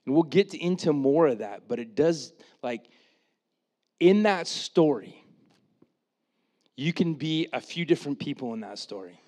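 A man preaching a sermon, retelling the story in a casual, animated way with quoted asides, then dropping to a quiet, earnest tone for his main points. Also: fairly high pitch, measured pace, pauses often. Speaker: pastor.

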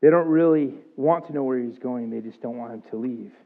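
A pastor in his thirties delivers an earnest, confessional sermon that swells into emphatic outbursts. His mid-range voice moves a little fast, and the audio sounds thin, like a phone.

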